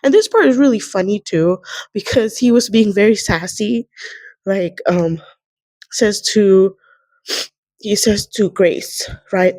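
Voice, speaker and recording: A woman's voice: medium pitch, slow, pauses often, a little mellow, no echo. A young woman rambling about a novel in a casual reading vlog, emotional and teary. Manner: rambling, emotional, tearful at times. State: crying. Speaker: book vlogger.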